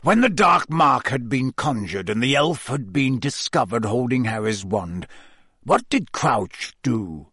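A grim, bitter wizard on the run, as a male reader puts him on. He talks low and deliberately, with a lively rise and fall in the pitch. The storybook reading sounds dry and close. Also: husky, no echo. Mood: brooding. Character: grim, brooding adult male wizard fugitive.

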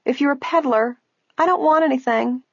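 A woman's voice: high-pitched, brisk, creaky, no room sound, pitched above the performer's own voice. A woman voicing a quavering, frail old lady. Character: frail, proud old woman, injured and poor. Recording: dull, lo-fi, dry.

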